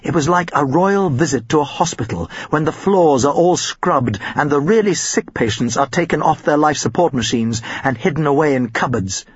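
A man narrating an audiobook in an expressive storytelling manner with a husky voice. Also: on the high side, moderate pace, hardly any pauses, no room sound, muffled recording.

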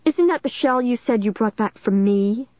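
A woman's voice: on the high side, lively intonation, moderate pace, no room sound, highs cut off, voice pushed up. A woman doing a demanding angry teen girl. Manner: sharp, demanding. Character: angry possessive teenage girl. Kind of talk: audiobook reading.

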